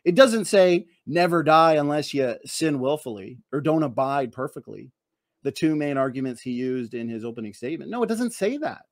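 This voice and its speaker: A man's voice: a little high, lively intonation, normal speed, dry recording, clean studio sound. A man giving a debate opening statement, emphatic and sarcastic, firing off rhetorical questions.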